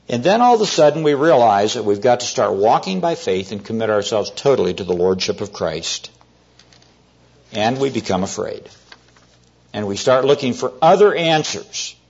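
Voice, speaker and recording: A man preaching an evening sermon to a congregation, earnest and storytelling, often slowing down to stress key words. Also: medium pitch, big pitch swings, slightly rough. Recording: dull lo-fi sermon recording.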